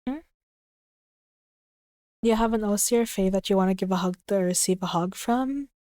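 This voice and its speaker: A woman's voice: medium pitch, moderate pace, mellow, no room sound. A woman streaming from her room, chatting casually with her chat, giggly and gushing, swearing lightly. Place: her own room at home.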